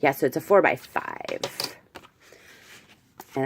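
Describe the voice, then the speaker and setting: Just a woman with a low voice gushing over her craft album, chatty, restarts a lot. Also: animated, moderate pace, a little hiss or hum. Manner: chatty and gushing, with fillers and self-corrections. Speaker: crafter showing a handmade album. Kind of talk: casual show-and-tell vlog.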